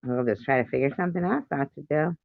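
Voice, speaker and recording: A woman's voice: low-pitched, fast, vocal fry, no echo, narrow, tinny audio. A woman hosting a casual livestream who teases her viewers and reads their messages aloud. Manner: playful, teasing, answers chat messages aloud; tries out joke accents. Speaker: livestream host.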